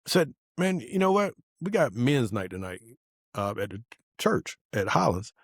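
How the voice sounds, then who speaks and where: A man's voice: medium pitch, very animated, moderate pace, husky, no room sound. A man, a podcast guest telling a personal testimony in casual conversation, earnest and acting out the dialogue he quotes.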